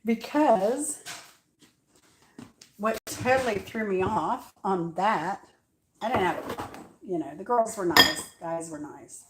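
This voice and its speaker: A woman's voice: medium pitch, animated, takes it slowly, pauses often, noisy background. A woman, chatting at home in her kitchen, rambling through stories with many fillers and frequent laughs. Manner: laughs often while telling stories. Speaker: cooking vlog host. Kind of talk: casual storytelling chat.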